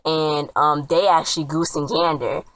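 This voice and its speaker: A woman's voice: low-pitched, fairly even intonation, moderate pace, fairly bright tone, dry recording, rough recording. A woman casually retelling a TV episode as a reviewer, rambling and chatty, and often quoting the characters. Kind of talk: casual spoken recap.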